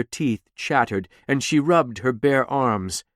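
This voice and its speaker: Male audiobook narrator, slow and even, dry booth sound. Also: medium pitch, dry recording. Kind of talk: scripted narration.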